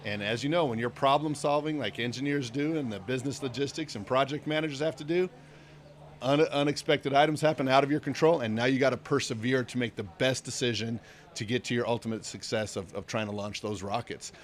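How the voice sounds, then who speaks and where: Guy co-hosting a live stream, calm and measured, kinda reflective, like a mentor talking. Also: mid-range voice. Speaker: co-host, event organizer. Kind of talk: live event commentary.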